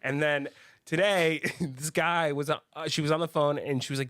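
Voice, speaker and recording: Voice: medium pitch, a little fast, a bit bright, no echo, clean studio sound. A podcast co-host in casual chat, teasing and laughing often.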